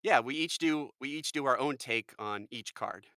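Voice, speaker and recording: An American man, a voice actor, chatting in a lively, jokey way as a podcast guest. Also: medium pitch, moderate pace, clear, resonant tone, no echo, clean studio sound. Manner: animated, jokey, full of fillers. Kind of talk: casual podcast chat.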